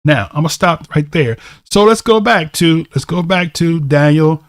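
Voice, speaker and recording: A man's voice: a little high, normal speed, dry recording, studio quality. Man teaching scripture, checking in with "right?". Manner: reads verses aloud, then explains with frequent "right?". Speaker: bible teacher.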